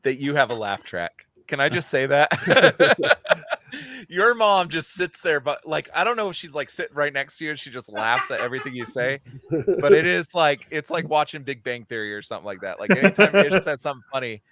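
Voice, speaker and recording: A man's voice: fairly high pitch, sing-song, fairly quick, bright, forceful tone, dry recording, clean studio sound. A middle-aged man co-hosting a podcast in casual chat, laughing often, swearing and bantering. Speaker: podcast co-host.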